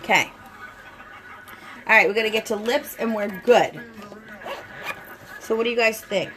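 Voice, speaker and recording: A woman's voice: a little high, moderate pace, rough recording. A young woman and mother chatting casually at home while doing her makeup, telling stories and saying "like" a lot. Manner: chatty storyteller, says "like" a lot. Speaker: vlogger and mother.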